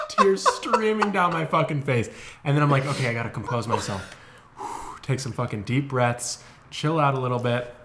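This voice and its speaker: A man co-hosting a podcast, telling an animated, laughing story in casual chat with frequent swearing. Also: fairly high pitch, moderate pace, heavy background noise. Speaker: podcast co-host.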